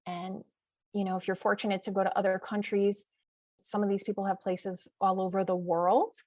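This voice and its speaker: A woman's voice: medium pitch, flat delivery, normal speed, a little mellow, no room sound. A middle-aged woman from the US East Coast, chatting enthusiastically as a podcast guest, listing examples with frequent fillers. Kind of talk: casual interview chat.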